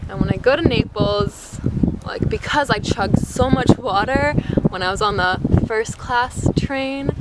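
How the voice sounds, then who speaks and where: A young adult American woman vlogs about a travel mishap, her voice on the high side and a little slow, with heavy noise behind her. She tells it casually and breathlessly, packing in "like" and acted-out quotes.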